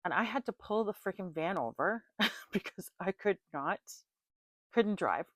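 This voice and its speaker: A middle-aged woman giving a casual tarot reading, rambling into animated personal stories and laughing often. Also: medium pitch, unhurried, no echo. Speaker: tarot reader.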